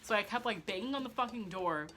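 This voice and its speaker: A woman's voice: mid-range voice, lively intonation, fast, fairly bright tone. A young woman telling a personal story in a casual, profane way, with lots of "like" and laughter at herself. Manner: chatty and profane, heavy use of "like"; self-mocking, laughing at herself. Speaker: vlogger.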